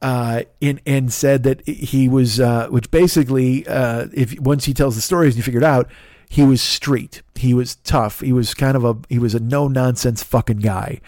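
Brief: fifties male comic hosting a podcast, rambling and swearing, mid-pitched, dry close mic. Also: steady tone, normal speed, darkish tone, no room sound. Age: 50s. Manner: rambling, profane, self-deprecating. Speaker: comedian podcast host. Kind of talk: casual monologue.

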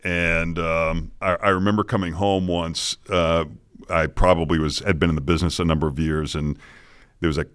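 A middle-aged man from the Boston area, a news anchor telling lively anecdotes with frequent chuckles in a casual podcast. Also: low voice, moderate pace, smooth, no room sound, clean studio sound. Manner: animated anecdotes, chuckling often.

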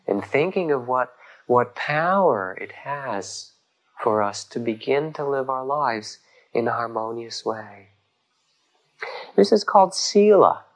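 A man giving a dharma talk as a meditation teacher, gentle and reflective, pausing often and rising in emphasis on key words. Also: mid-range voice, rough recording.

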